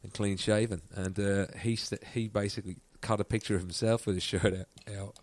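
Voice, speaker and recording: A man's voice: on the low side, flat delivery, a little fast, darkish tone, no room sound. A man from Ireland with an Irish accent, a guest musician telling a story in casual chat and laughing often.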